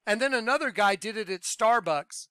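Male host, high clear voice, emphatic, repeats himself. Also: moderate pace, no room sound. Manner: emphatic, excitable, repeats points. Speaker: Christian video host. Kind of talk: excited religious commentary.

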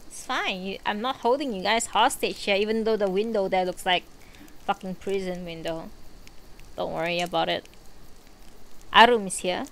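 A woman streaming a book reading, chatting in a relaxed, rambling way between chapters. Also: mid-range voice, moderate pace, pauses often, slight background noise. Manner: relaxed, chatty and rambling, with frequent fillers and asides. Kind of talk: book reading and casual chat.

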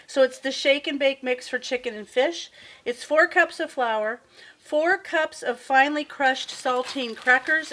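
A woman's voice: high voice, sharp tone. A woman hosting her own cooking channel, chatting in a friendly way as she explains each step of a recipe in her home kitchen. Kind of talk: casual cooking demonstration.

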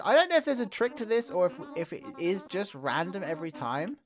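Casting: woman gamer, playful, lively pitch, casual let's play commentary. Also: brisk, few pauses. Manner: playful, reads game dialogue aloud in shifting voices.

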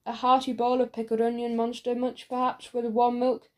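A woman voicing a kindly, eccentric adult male shopkeeper who talks in a gentle, earnest, fussing way, in a storybook reading. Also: fairly high pitch, monotone, brisk, natural voice.

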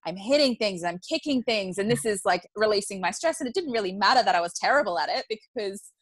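A woman's voice: mid-range voice, lively intonation, quick pace, no room sound. A woman in her thirties, a podcast guest, talking candidly and chattily and laughing easily. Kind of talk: casual podcast conversation.

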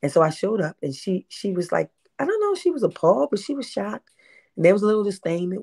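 A woman, telling stories in an interview with animated delivery and frequent repetition. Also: medium pitch, fast talker, gravelly. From Baltimore, USA. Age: 50s. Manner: animated, repeats herself, acts out quotes. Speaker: interview guest, independent filmmaker. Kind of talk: casual interview storytelling.

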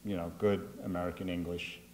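A man's voice: sits low, flat delivery, brisk, darkish tone, big-room sound, a little hiss or hum. A man with a Boston accent, an author speaking earnestly and restarting his sentences often as he reflects on his life and addresses students. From Greater Boston.

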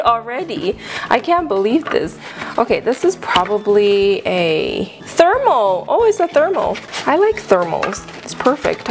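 A woman hosting an unboxing video, gushing excitedly with frequent gasps and exclamations. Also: mid-range voice. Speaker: unboxing channel host. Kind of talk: casual unboxing review.

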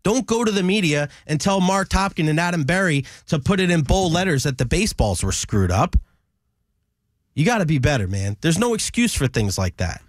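A man's voice: a little high, very animated, moderate pace, no echo, clean studio sound. A male sports radio host ranting in a heated, scolding way, hammering his points again and again. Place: radio studio.

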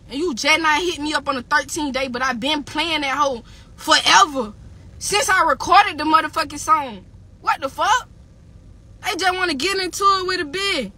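Heated, high bright-voiced woman ranting. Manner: heated, profane, repeats insults. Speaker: rapper on a livestream. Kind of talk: angry livestream rant.

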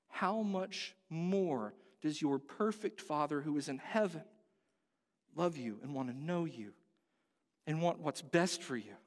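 High-voiced earnest preacher in a reverberant hall. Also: male voice. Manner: earnest, conversational preaching with direct questions. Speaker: pastor. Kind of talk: sermon. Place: church sanctuary.

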